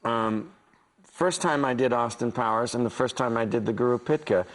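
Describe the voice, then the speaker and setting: A middle-aged man chats as a guest on a talk show. His pitch sits in an ordinary middle range. He talks fast and jokes at his own expense. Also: rough recording. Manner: quick, joking and self-mocking.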